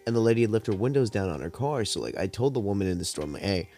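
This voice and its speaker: A young man hosting a podcast, telling stories in a rambling, laid-back, profane way while high, with cotton mouth. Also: expressive, rapid-fire, warm tone. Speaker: podcast host. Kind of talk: casual storytelling monologue.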